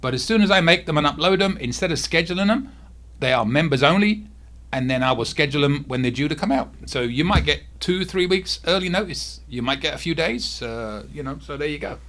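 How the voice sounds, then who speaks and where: A man hosting a casual cruise vlog at home, talking softly because his face is sore, with frequent asides to a restless cat. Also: fairly high pitch, expressive, a little fast. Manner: talks softly, easily distracted by a restless cat.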